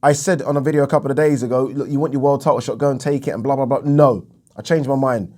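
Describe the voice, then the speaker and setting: This English man's heated boxing commentary is a solo opinion vlog rant, indignant, emphatic and full of swearing and repetition. His medium-pitched voice is fast and slightly mellow, with a steady tone.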